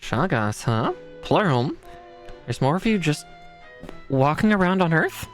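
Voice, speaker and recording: A woman streaming a dating game, giggling often, lively, and swearing casually as she reacts. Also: low voice, unhurried, soft background music. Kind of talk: gaming stream commentary.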